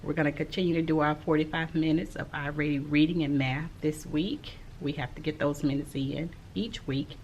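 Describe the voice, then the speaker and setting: A middle-aged woman, an elementary school teacher, talking casually to camera in a slow, soft-spoken, reflective way with frequent pauses. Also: deep voice, steady tone, slight background noise. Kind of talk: casual vlog talk to camera.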